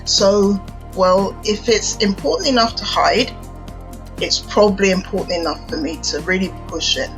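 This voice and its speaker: A woman's voice: medium pitch, moderate pace, soft background music, rough recording. A British woman minister from England, telling her story reflectively as an interview guest.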